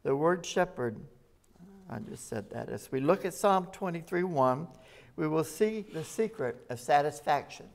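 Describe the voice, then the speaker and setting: A man's voice: on the high side, expressive, a little slow, vocal fry. A man preaching an evening sermon at a rescue mission, talking plainly to the congregation and reading scripture aloud with rising emphasis.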